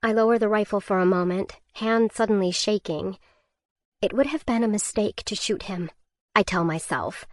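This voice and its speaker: A young adult woman reading a first-person survival thriller as an audiobook narrator, with tense, measured storytelling. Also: mid-range voice, no room sound, clean studio sound.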